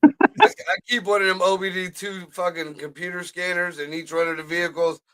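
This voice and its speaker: A man co-hosting a podcast, blunt and profane, telling loud stories in casual chat. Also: high voice, a little fast, clean tone. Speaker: podcast co-host.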